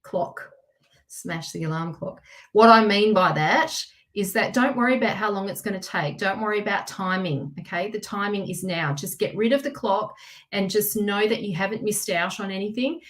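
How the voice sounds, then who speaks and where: A woman hosting a live tarot reading stream, talking to viewers by name in an excitable, chatty way and laughing often. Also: mid-range voice, brisk.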